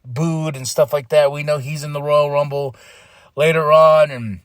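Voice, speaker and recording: A man's voice: a little high, steady tone, moderate pace, no room sound. A man hosting a podcast, recapping in a casual, emotional, rambling way with lots of restarts. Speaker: podcast host.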